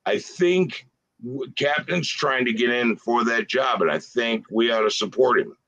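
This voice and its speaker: A man co-hosting a casual livestream, chatty and emphatic with quick opinions. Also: mid-range voice, creaky, a bit bright. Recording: dull lo-fi audio.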